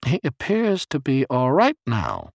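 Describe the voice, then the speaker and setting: A man reading a story, voicing a pedantic, sly man in a high, slow, smooth voice with long-winded clinical phrasing. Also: huge pitch swings, no room sound, clean studio sound, full character voice.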